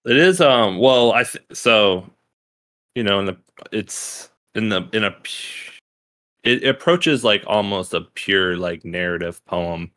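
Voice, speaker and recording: A young man with a low-pitched voice talks loosely about poetry, circling back on himself, restarting sentences and dropping casual swears. He laughs as he goes and keeps a relaxed, unpolished conversational flow. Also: slow pace. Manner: rambling, profane, laughs often, many restarts. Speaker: podcast co-host.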